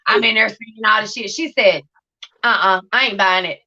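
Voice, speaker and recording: A woman's voice: medium pitch, moderate pace, highs cut off. Blunt, profane woman. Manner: blunt, profane, animated storytelling. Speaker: guest sharing recovery story. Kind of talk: candid livestream interview.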